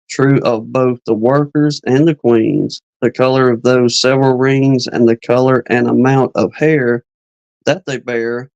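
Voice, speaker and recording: A man's voice: medium pitch, creaky, darkish tone, no room sound, highs cut off. A man hosting a live chat, reading an old beekeeping text aloud, tripping over words and adding casual asides. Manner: reads slowly, stumbles on words and adds asides.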